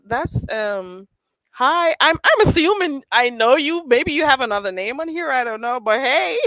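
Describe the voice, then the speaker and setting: A woman hosts a casual livestream, reading the live chat, teasing viewers by name and laughing often. Her voice is a little high with a fairly bright tone, captured dry on a streaming mic, though the audio is poor.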